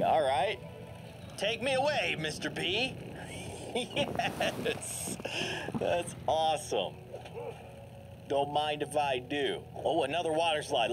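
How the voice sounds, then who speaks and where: A man giving lively, jokey commentary while playing a video game, reacting aloud and laughing often. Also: on the high side, background noise. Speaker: gameplay commentator. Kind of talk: let's play commentary. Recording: game music playing behind. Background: game music.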